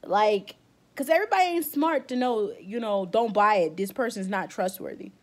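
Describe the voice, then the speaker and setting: A woman's voice: medium pitch, lively intonation, normal speed. Fired-up woman ranting, close to tears. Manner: fired-up, emotional and blunt, with casual slang. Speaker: beauty vlogger. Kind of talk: heated vlog rant.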